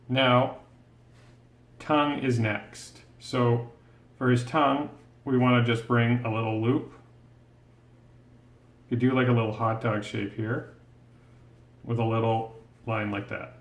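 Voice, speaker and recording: A man's voice: mid-range voice, steady tone, takes it slowly, long pauses. Patient man teaching drawing, roomy sound. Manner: patient, encouraging, thinks aloud while drawing. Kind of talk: step-by-step drawing tutorial. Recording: roomy echo.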